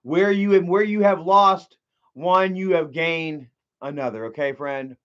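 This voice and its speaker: A man's voice: on the high side, unhurried, fairly bright tone, muffled recording. A man livestreaming in casual chat, rambling and profane, with lots of filler words.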